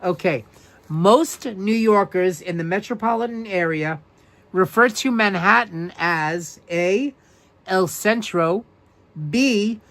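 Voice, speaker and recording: Slow-talking New man hosting a live quiz. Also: high voice, a bit bright. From New York. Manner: upbeat, repeats questions and greets viewers by name. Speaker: live-stream host. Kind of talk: live-stream trivia quiz, reading viewer answers.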